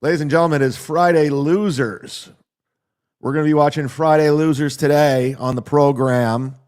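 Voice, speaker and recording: A man hosting a livestream commentary show, announcing loudly like a showman. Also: a little high, fairly even intonation, normal speed, clear, resonant tone, dry recording. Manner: loud showman announcer delivery. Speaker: host.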